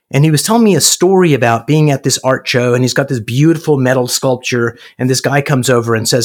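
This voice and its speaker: A man hosting a podcast, asking questions and telling stories that act out the people he quotes. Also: medium pitch. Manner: storytelling, acts out quoted voices. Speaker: podcast host. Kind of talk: conversational interview.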